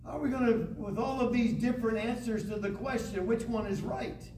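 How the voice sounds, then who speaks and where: A man teaching a Bible lesson to a class, reading scripture aloud with dramatic pauses. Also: extremely high pitch, fairly even intonation, a little mellow. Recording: echoey room, distant mic, faint hiss.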